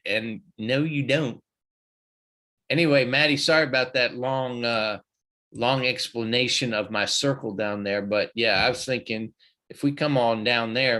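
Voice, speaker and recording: A man's voice: mid-range voice, sharp tone. A man hosting a live trading show, chatty and folksy as he walks through stock charts. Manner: folksy, chatty, loose with fillers. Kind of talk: live market commentary.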